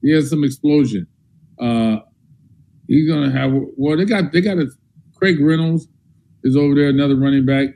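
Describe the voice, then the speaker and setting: A man's voice: a little high, moderate pace, pauses often, dark tone, rough recording. A man joining a sports show as a guest, talking football in an easygoing, folksy way. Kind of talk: casual phone-in sports chat.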